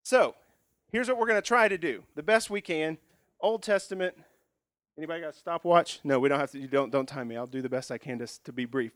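A man's voice: fairly high pitch, a little fast, a bit bright, no echo, studio quality. A man preaching a sermon, praying and then teaching at a whiteboard in a folksy, joking way. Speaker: pastor.

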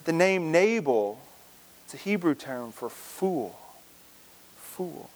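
A man's voice: a little high, sing-song, takes it slowly. A male pastor preaching a sermon, telling a story and acting out its dialogue, with frequent restarts.

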